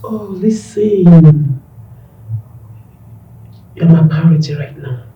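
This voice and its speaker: A woman's voice: low-pitched, animated, slow pace, lo-fi sound. A woman with a Nigerian accent playing a protective mother who firmly dismisses her son-in-law. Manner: firm, dismissive.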